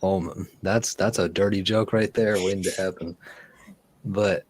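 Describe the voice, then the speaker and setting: Guy with a low voice chilling on his stream, rambly, keeps repeating himself. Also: fairly even intonation, measured pace, a little mellow. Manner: rambling, laughs easily, repeats words. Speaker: livestream host. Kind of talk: casual chat.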